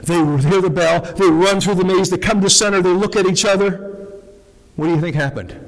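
A man, a veterinarian, giving an animated, folksy talk to an audience. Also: high voice, a little fast. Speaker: speaker, veterinarian. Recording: long hall reverb.

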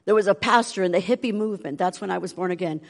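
A woman's voice: mid-range voice, fast, vocal fry, long reverb tail. An older woman tells her testimony animatedly, acting out the voices of the people in her story. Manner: animated, acts out quoted voices. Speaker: speaker giving a testimony.

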